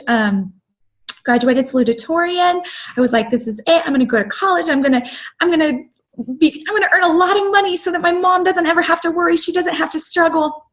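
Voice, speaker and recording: A woman's voice: a little high, lo-fi sound. A woman guest speaker telling her personal story on a call, earnest and emotional. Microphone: video call.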